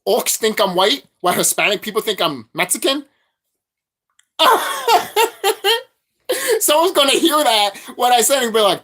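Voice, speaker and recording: A man delivers a preachy spiritual monologue to his vlog audience, full of profanity and repeated phrases. His pitch swings widely as he drives each point home, with no calm, even stretches. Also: unhurried, long pauses. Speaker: vlogger.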